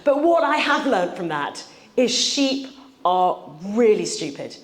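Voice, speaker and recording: A woman preaching a sermon in a church, telling stories in an earnest way and slowing down to read scripture. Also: mid-range voice, sing-song. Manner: earnest, storytelling, slows for scripture reading. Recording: echoey church room.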